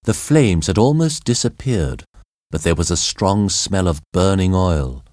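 Deep, slow-reading male narrator. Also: expressive, a little mellow, dry recording, studio quality. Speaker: audiobook narrator. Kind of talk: scripted narration of a graded reader.

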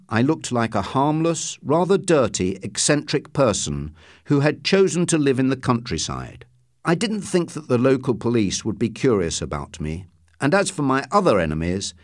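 Man narrating with a lively, dry voice. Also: medium pitch, normal speed, no room sound. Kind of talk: scripted audiobook narration.

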